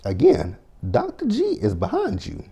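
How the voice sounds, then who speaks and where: A man's voice: high voice, wildly swooping pitch, normal speed, creaky, warm tone, slightly rough. A man recapping a reality TV show in a sassy, blunt, profane way, quoting his own reactions as he goes. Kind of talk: casual recap commentary.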